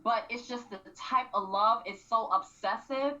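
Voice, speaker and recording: A woman co-hosting a radio show, animatedly recapping a reality series and acting out quotes with frequent throat clearing. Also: fairly high pitch, normal speed, sharp tone. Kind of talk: casual recap chat. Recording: distant, dull lo-fi radio mic.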